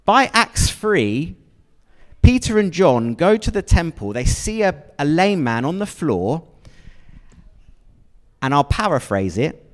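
Slow and sing-song, with long pauses, this man's voice sits on the high side. He preaches to a congregation in a chatty, questioning way, often checking in with his listeners and asking them questions. The church hall gives the recording a long reverb.

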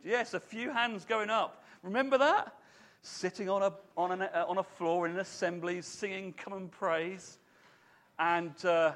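A man with a high, light voice, delivering a sermon in a church. He talks in an animated, conversational way and turns to put questions to the people in front of him. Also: normal speed. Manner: animated, chatty, asks the congregation questions. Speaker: preacher.

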